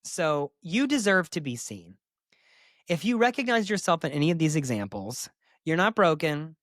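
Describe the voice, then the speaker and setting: A fairly high-voiced man hosts a solo podcast, speaking candidly and with emphasis. He drops sassy asides as he talks. The sound is dry and close. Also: sing-song, normal speed, fairly bright tone, no echo. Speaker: podcast host and therapist.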